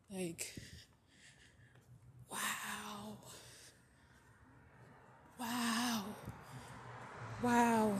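Slow-talking woman riffing casually. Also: a little high, background noise. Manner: slangy, blunt, swears, drawn-out emphasis. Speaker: podcast host. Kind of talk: casual rambling commentary.

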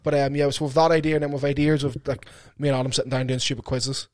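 A man's voice: medium pitch, quick pace, dry recording. Rambling man co-hosting. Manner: rambling, animated, swears casually. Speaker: podcast co-host. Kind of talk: casual chat. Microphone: podcast mic.

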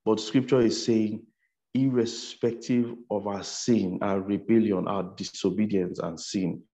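A man's voice: fairly low pitch, fairly even intonation, slow pace, mellow. A man preaching a sermon, repeating his lines for emphasis and punctuating them with "amen" and "you know".

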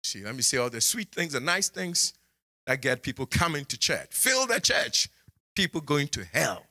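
A man preaching a sermon in church as the pastor, scolding his congregation and swinging from low asides to high exclamations. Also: sing-song, normal speed, pushed and bright.

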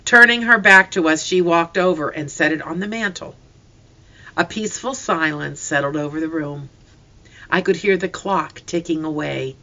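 An audiobook narrator reading a first-person story in an expressive, scripted way. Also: medium pitch, dull audio.

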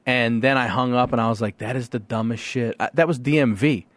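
A man telling a story in casual chat, swearing freely and acting out both sides of a phone argument in lively voices. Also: mid-range voice, fairly quick, no echo. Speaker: podcast guest.

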